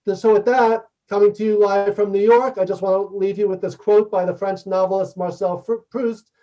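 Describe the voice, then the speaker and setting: A man presenting a workshop over a video call and answering questions, talking quickly and energetically in the manner of a professor and trainer. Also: sits high, fairly even intonation, dark tone. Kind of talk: webinar presentation and Q&A. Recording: dull distant video-call audio.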